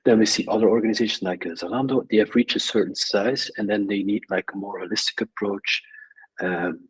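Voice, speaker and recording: A man's voice: lowish voice, steady tone, brisk, breathy edge. A man hosting a podcast interview, setting up a question for his guest. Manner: asks questions and gives short backchannel replies. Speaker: podcast host. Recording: off-mic, distant sound.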